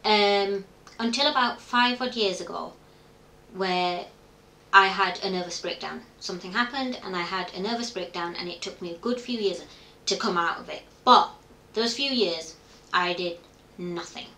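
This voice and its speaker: Recorded in a room with noticeable echo, a middle-aged woman appears as a guest in a candid, conversational interview. She speaks with a sharp tone, medium pitch, and moderate pace, recounting her experiences reflectively and often giving voice to what she was thinking back then.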